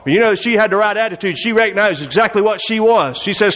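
A man's voice: sits high, fast, few pauses, fairly bright tone. A man preaching a sermon in a folksy, conversational way, full of rhetorical questions. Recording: long reverb of a large hall.

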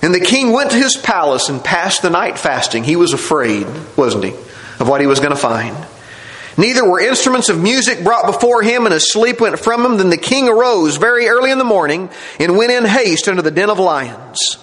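A man's voice: high voice, big pitch swings, normal speed, fairly bright tone, echoey room, low-quality recording. A man preaching a sermon, telling the story dramatically and acting out the scenes.

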